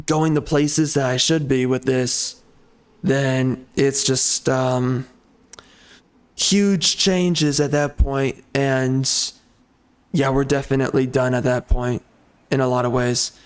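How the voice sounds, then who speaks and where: A man hosting a gaming channel, venting in an angry, profane rant with halting restarts and frequent swearing. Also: mid-range voice, fairly even intonation, clear, resonant tone. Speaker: gaming channel host and author. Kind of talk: frustrated rant over gameplay.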